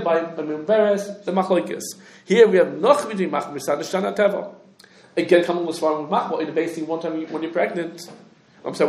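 A man teaching a halachic lecture, talking quickly with restarts and lots of Hebrew and Yiddish terms. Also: a little high, darkish tone, echoey room. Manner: rapid, halting, many restarts, heavy Hebrew terms. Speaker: Torah teacher.

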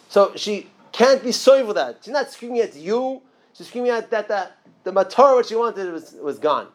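A man's voice: lively intonation, moderate pace. Emphatic man teaching a religious class. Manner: emphatic, jumps up in pitch and loudness to stress points; conversational with frequent restarts and asides. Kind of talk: informal Torah class.

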